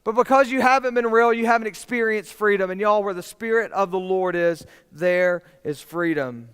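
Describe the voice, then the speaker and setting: A man's voice: sits high, moderate pace, fairly bright tone, smooth. A young man preaching to students, telling a personal story in a casual way full of "y'all" and "like". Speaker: youth pastor. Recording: hall reverb from a large room.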